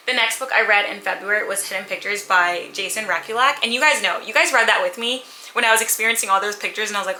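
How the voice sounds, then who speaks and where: A woman casually reviewing books at home, candid and animated, sometimes acting out characters' lines. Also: medium pitch, fast, reverberant, slight background noise, poor audio. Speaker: book vlogger. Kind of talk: casual chatty book review. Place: at home with a purring cat nearby.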